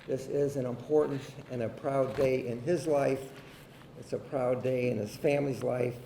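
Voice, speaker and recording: A man giving measured, formal welcoming remarks as mayor at a ceremony. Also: mid-range voice, vocal fry, warm tone. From Ohio, United States. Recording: echoey room, distant mic, faint hiss.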